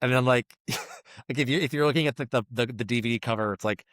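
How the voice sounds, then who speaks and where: A man's voice: medium pitch, fast talker, a bit bright, no room sound, studio quality. A man co-hosting a podcast, chatting in an easygoing, wry way. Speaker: podcast co-host. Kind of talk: casual chat.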